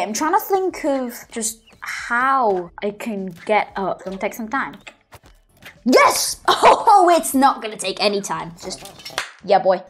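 A gaming video host giving excitable let's-play commentary, full of gasps and squeals, into a desktop microphone. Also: mid-range voice, slight background noise.

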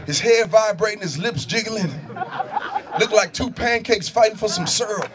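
High-pitched shouting man preaching. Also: measured pace, crowd noise. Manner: loud, shouting, laughing, street-slang storytelling. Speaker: motivational speaker. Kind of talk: animated preaching and storytelling. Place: prison gathering space.

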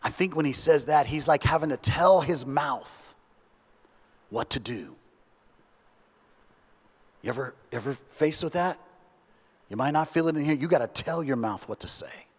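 Male pastor preaching in a church, high voice, slow measured delivery, echoing sanctuary reverb. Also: animated. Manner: earnest, slow, dropping to hushed tones when quoting scripture. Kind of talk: sermon. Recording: long church hall reverb.

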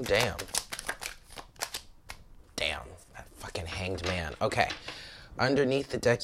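A man's voice: on the low side, noisy background. A man with an American accent giving a casual, blunt tarot reading, cursing and exclaiming often as he talks to viewers. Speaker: tarot reader.

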